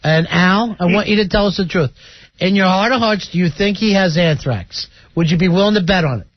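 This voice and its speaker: Teasing high-voiced radio host. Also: male voice, a little fast, no echo. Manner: teasing, needling. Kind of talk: radio call-in banter. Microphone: studio mic. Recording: dull dry radio broadcast.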